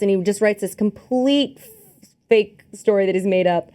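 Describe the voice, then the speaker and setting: A woman's voice: mid-range voice, normal speed, mellow. A woman co-hosting a film podcast in casual chat, telling stories animatedly with acted-out quotes and lots of fillers. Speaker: podcast co-host. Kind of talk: casual chat about films. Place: studio filmed with two cameras.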